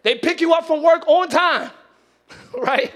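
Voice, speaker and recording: His voice very high-pitched and his delivery slow, a pastor preaches in church. He shouts his points to the congregation while acting out scenes from everyday life.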